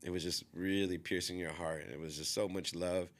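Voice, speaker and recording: A man's voice: deep voice, steady tone, brisk. A man telling a long story in a casual podcast chat, rambling, full of fillers, and often quoting what others said.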